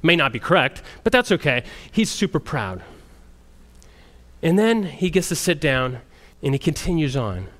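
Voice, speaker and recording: A man who works as a missionary, telling a story to a group in an animated way and often restarting his sentences. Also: a little high, normal speed. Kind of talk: storytelling testimony talk.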